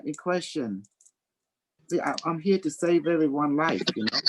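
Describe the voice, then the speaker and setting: Over a rough recording, a livestream host with a slightly high voice and lively intonation talks at normal speed. He rambles loosely and preaches, dropping "you know" often and affectionately calling listeners honey.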